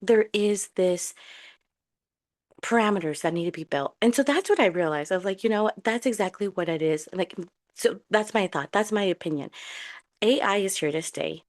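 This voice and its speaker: A woman's voice: medium pitch, animated, normal speed, dry recording, studio quality. A woman hosting a solo podcast in a rambling, candid way, often restarting and correcting herself. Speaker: podcast host. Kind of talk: casual solo podcast talk. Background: dog on her lap.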